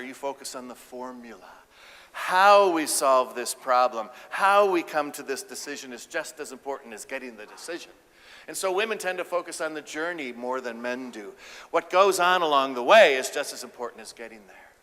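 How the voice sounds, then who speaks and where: Keynote speaker, man, comic delivery, bright and forceful tone, echo of a large hall. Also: mid-range voice. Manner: animated, acts out quotes with a raised voice. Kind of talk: humorous keynote talk.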